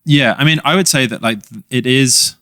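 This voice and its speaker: A man's voice: medium pitch, moderate pace, a bit bright, no echo, studio quality. A young adult man with an English accent, a podcast guest telling self-mocking stories in casual chat. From England. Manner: anecdotal, self-mocking storytelling.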